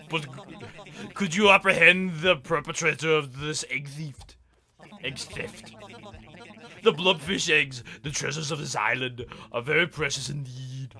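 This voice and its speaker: Brief: pompous game island chief, formal, shrill peaks, put on by a male streamer. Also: creaky, pushed and bright, exaggerated voice.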